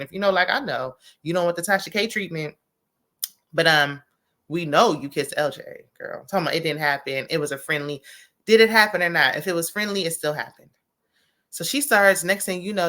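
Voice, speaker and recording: A woman doing a casual recap vlog of a reality dating show, sassy and animated, acting out what the cast said and laughing often. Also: fairly low pitch. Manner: acts out quoted cast members. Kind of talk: casual commentary.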